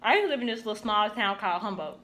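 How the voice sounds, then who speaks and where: A woman's voice: medium pitch, rapid-fire, slight background noise. A young woman telling a childhood story in a casual, chatty way to her channel, acting out the voices of the people in it. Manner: chatty, animated, acts out quoted voices. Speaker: YouTuber. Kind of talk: casual storytelling while eating.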